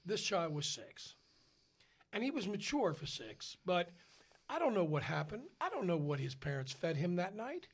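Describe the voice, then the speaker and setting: A man, an opera singer, telling a funny backstage story in casual chat, animated and laughing as he goes. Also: high-pitched, normal speed.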